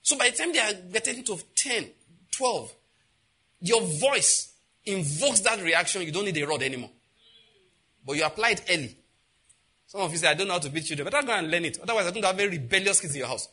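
Lively high-voiced pastor. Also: male voice, brisk, long pauses, breathy edge. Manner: animated, laughing, acts out quotes. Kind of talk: sermon.

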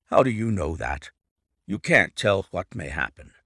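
A man's voice: low-pitched, sing-song, measured pace, fairly bright tone, no echo, studio quality, voice pushed down, full character voice. A man voicing a loyal, earnest male companion who protests and worries openly. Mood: determined. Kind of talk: audiobook reading.

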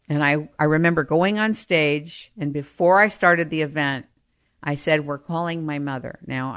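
Woman, middle-aged, storyteller, low-pitched, animated delivery. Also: creaky. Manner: animated, grows livelier and louder as she tells anecdotes. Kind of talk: personal storytelling.

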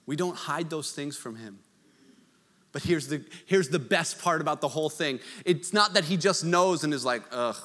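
A man preaching a sermon, conversational with joking asides, swinging from loud to hushed. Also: fairly high pitch, in a large hall. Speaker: pastor.

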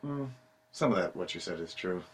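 A man co-hosting a podcast, giving quick, offhand replies in casual chat. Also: low voice, lively intonation, slightly rough. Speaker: podcast co-host.

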